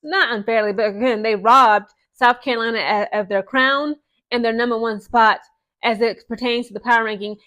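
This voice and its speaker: A young woman talking casually to her viewers about women's basketball, chatty and animated, often tossing in "okay?" and "guys" asides. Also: fairly high pitch, moderate pace. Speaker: sports commentary vlogger. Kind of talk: casual vlog commentary.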